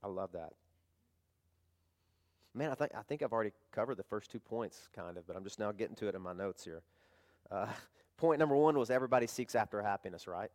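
A man's voice: on the low side, expressive, fairly quick, pauses often, darkish tone. Male pastor, conversational sermon delivery, emotional, climbs to fervent emphasis.

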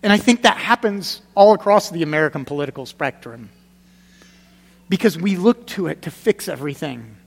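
A man preaching a sermon as pastor, conversational and emphatic, repeating his key points and dropping to a quiet, grave tone. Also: on the high side, expressive, moderate pace, creaky, big-room sound.

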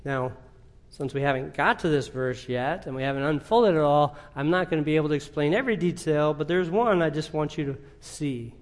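Emphatic male preacher, slightly high voice. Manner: emphatic, rising to rhetorical questions; drawn-out, deliberate phrasing. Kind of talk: sermon.

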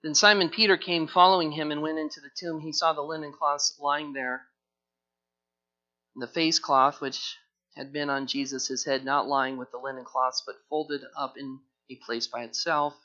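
A man preaching an expository sermon, earnest and repetitive, moving from hushed tones to fervent emphasis. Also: a little high, fairly even intonation, normal speed, lo-fi sound. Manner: earnest, repeats words, swings from hushed to fervent. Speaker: pastor.

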